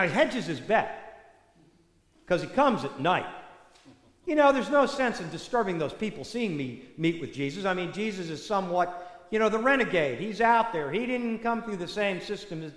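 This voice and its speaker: Animated high-voiced male preacher, echoey church. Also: moderate pace. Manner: conversational, animated storytelling with many asides. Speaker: parish priest. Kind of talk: sermon. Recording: echoey church hall reverb.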